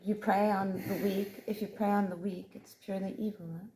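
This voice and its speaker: A woman co-hosting a podcast who answers calmly and reassuringly, repeating her phrases. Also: medium pitch, fairly quick, low-quality recording. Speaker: podcast co-host. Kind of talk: casual conversation.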